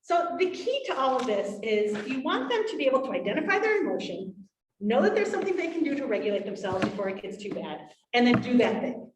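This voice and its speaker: A woman giving a workshop presentation to parents, lively, acting out quotes from parents and children. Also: a little high, quick pace, noisy background. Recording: roomy, from far off.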